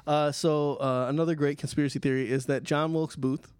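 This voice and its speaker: A man co-hosting a podcast, chatting casually and filling pauses with many ums and uhs. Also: a little high, steady tone, a little mellow, smooth, no room sound. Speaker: podcast co-host. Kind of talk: casual chat.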